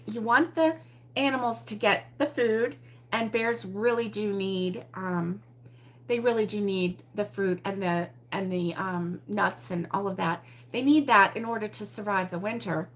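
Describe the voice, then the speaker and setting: A woman's voice: fairly high pitch, a bit bright. Chatty, exclamatory woman hosting a livestream. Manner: chatty and exclamatory, often saying "oh my goodness" and laughing. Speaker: host of a crochet livestream. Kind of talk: casual livestream chat answering viewer comments. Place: at home with her husband nearby.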